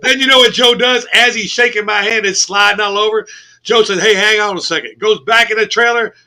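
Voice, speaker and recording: A man co-hosting a casual sports radio show, telling a long funny story, cursing, laughing and shouting as he goes. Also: sits high, fairly even intonation, fairly quick. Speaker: co-host. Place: radio studio.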